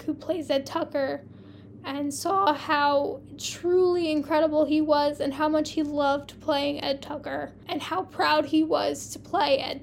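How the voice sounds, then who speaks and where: Woman host reading her own fiction: high voice, gravelly fry, soft unhurried delivery. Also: slight background noise. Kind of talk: reading own stories aloud with casual commentary.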